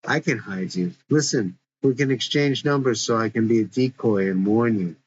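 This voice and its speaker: A man's voice: medium pitch, moderate pace, slight background noise, natural voice. A man voicing an earnest, worried young woman eager to help, who speaks insistently, in a dull lo-fi recording.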